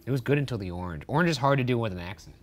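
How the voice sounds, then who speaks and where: A man's voice: mid-range voice, expressive, rapid-fire. A man co-hosting a talk show, trading dry, teasing jokes in casual banter. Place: office.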